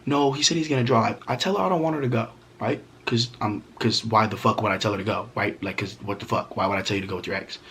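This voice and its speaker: A man's voice: lowish voice, quick pace, few pauses, pushed and bright, a little hiss or hum. A young man vlogging a storytime, talking casually with heavy slang, swearing and fillers.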